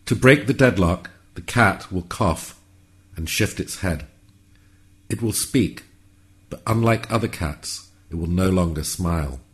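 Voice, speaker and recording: A man narrating a whimsical story in a calm, measured, wry way. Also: deep voice.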